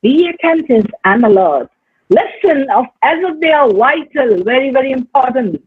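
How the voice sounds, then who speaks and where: A woman teacher educator giving a recorded lecture on life skills, speaking in a measured way with deliberate pauses and stressed words. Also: high voice, expressive, breathy edge, no echo. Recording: dry, phone-like narrow sound.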